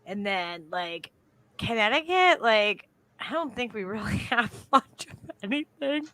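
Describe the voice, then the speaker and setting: A woman co-hosting a casual podcast chat, chatty and quick to laugh. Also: a little high, animated, pushed and bright, no echo.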